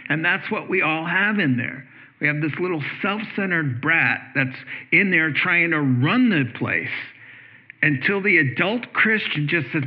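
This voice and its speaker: A man's voice: a little high, expressive, a little slow. A man pastor preaching a sermon in a conversational way, asking rhetorical questions. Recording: tinny phone-like sermon audio.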